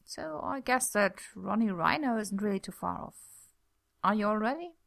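A playful, flirtatious team leader who teases gently and keeps his voice low and soft, as a woman narrator puts him on. The voice carries a gravelly edge at mid pitch. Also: expressive, moderate pace. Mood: explaining. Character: charming, teasing grown man team leader.

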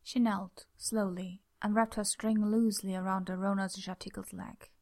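A woman reading a story aloud as narrator, in a calm, steady, soft-spoken way. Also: medium pitch, moderate pace. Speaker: audiobook narrator.

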